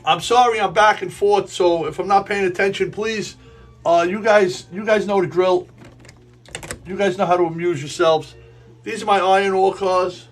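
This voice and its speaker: A man hosting a live stream from his model railroad layout, sniffly and sneezing, talking in a rambling, halting way that often repeats itself. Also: sits high, fairly even intonation, faint music behind. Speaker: livestream host running a model railroad. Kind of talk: casual live-stream chat while working. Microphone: earpiece in ear.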